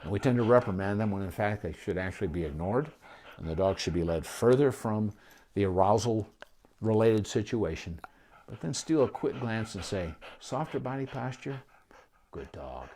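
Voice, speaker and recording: Brief: male vet teaching dog owners, animated delivery, lowish voice that swings wide, goes quiet for gentle praise. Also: moderate pace. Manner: animated, with many restarts and asides; drops to a soft voice for calm praise. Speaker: veterinarian. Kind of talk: casual instructional talk to camera.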